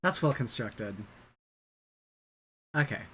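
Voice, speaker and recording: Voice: medium pitch, expressive, takes it slowly, a bit bright, a little hiss or hum. An anime reaction host who talks through the episodes in live commentary, blurting out dramatic, exclamatory reactions and plenty of swearing.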